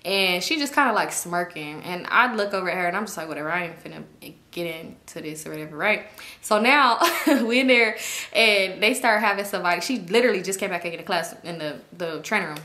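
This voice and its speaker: A woman's voice: lowish voice, fairly quick. A young adult woman casually telling a work drama story, acting out quotes in a raised voice. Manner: animated, acts out quotes in raised voice. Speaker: storytime vlogger.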